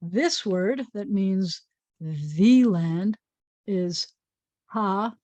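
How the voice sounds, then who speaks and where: A woman's voice: medium pitch, normal speed, a little mellow, dry recording. A woman rabbi giving an informal Hebrew reading lesson, patiently sounding out letters and syllables with a playful touch.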